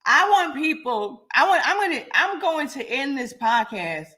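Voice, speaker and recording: A woman's voice: high voice, big pitch swings, unhurried, pushed and bright. A woman hosting a live podcast, talking bluntly and confrontationally with heavy swearing. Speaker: podcast host.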